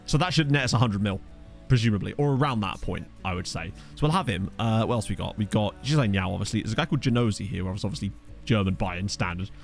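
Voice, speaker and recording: A young man giving casual, joking commentary over a football management game, reacting with quick exclamations. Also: lowish voice, creaky, faint music behind. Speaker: gaming video host. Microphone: desk USB microphone.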